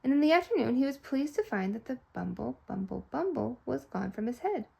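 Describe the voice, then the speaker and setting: A woman reading a children's storybook aloud, expressive and playful with sound effects. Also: high voice, brisk, creaky, husky. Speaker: storybook reader.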